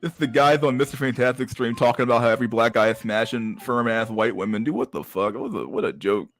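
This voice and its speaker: A man's voice: mid-range voice, fast talker, soft background music. A man casually commenting on memes on a livestream, profane and rambling, with frequent stammered restarts. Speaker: streamer reacting to memes.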